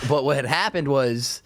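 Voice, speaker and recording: A man's voice: medium pitch, unhurried, bright, forceful tone. A man co-hosting a podcast, telling a rambling story in a laid-back, swearing way full of "dude" and "like". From Florida Panhandle. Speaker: podcast co-host. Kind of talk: casual storytelling chat.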